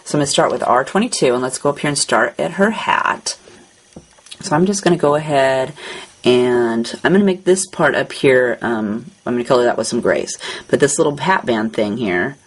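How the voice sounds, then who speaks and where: A woman hosting a craft tutorial, calmly narrating each coloring step as she works. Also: a bass voice, normal speed, breathy edge, poor audio.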